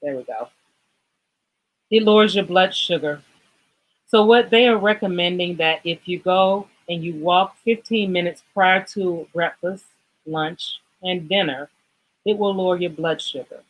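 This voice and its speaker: A woman with a fairly low voice hosts a casual fitness livestream. She rambles and apologizes as she goes, and she sounds choked up and emotional. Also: unhurried, poor audio. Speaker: livestream host.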